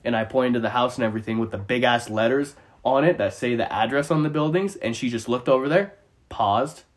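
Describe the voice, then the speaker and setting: A man's voice: mid-range voice, brisk. Swearing man telling a wild story. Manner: animated, profane, laughs through his story. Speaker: storyteller on a podcast. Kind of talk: casual storytelling.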